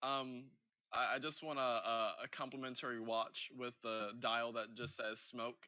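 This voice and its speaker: A man's voice: mid-range voice, level tone, normal speed, pushed and bright, highs cut off. A man playing in a tabletop game, joking playfully in casual chat. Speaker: player.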